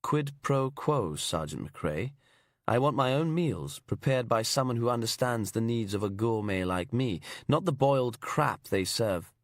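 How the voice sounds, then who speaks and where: A man voicing a creepy imprisoned killer with a put-on English accent that slips into Aberdonian, smug and slow, then whiny. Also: medium pitch, expressive, dry recording, clean studio sound. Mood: smug, sinister. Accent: put-on English slipping into Aberdonian. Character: creepy male killer prisoner, slithery and childish.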